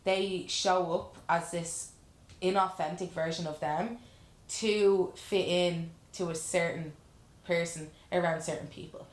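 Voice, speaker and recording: A woman's voice: lowish voice, steady tone, unhurried. A woman life coach talking earnestly and frankly in a casual chat, reflecting and swearing now and then. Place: room in a lash salon. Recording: roomy echo.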